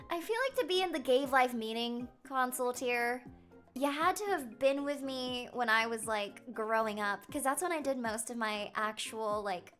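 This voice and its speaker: A woman's voice: fairly high pitch, fairly bright tone. A young woman with a light Canadian accent, chatting casually and giggling as she reacts to her stream chat.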